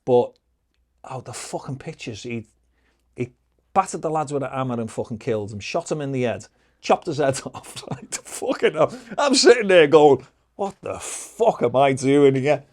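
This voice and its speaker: A man's voice: medium pitch, expressive, normal speed. Swearing Liverpool man telling stories. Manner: heavy swearing, acts out quoted exchanges. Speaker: podcast guest. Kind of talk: casual storytelling.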